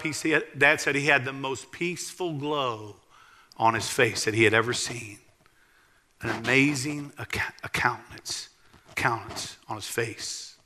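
A man, preaching a sermon as pastor in a church, earnestly emphatic and dropping low to tell stories. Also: pushed and bright. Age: 40s.

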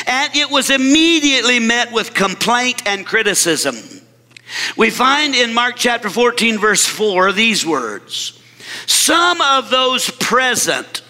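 A man preaching a sermon, speaking with emphasis and dropping low and slow when he quotes scripture. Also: bright, forceful tone, in a large hall. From mid-Missouri. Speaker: pastor.

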